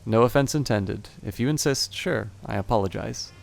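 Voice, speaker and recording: A man's voice: on the low side, normal speed, vocal fry. A man voicing a polite, wary newcomer in a game, speaking in a guarded tone.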